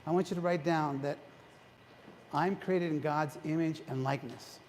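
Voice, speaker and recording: A man's voice: fairly high pitch, normal speed, darkish tone. Man, retreat speaker, preaching talk, quizzes the crowd, long church reverb, faint hiss. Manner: engaging, quizzes the audience, frequent restarts. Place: church hall. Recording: long hall reverb, faint background noise.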